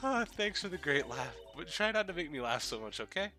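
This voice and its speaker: A man's voice: fairly high pitch, very animated, fairly quick, pushed and bright, soft background music, voice pushed up. A man voicing a teasing, flippant young woman while reading a video game aloud on a live stream. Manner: mocking, flippant.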